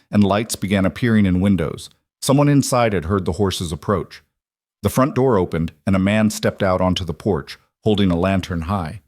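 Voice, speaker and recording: A man narrating a western story in a steady, measured storytelling voice. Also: lowish voice, dry recording, clean studio sound. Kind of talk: scripted audiobook narration.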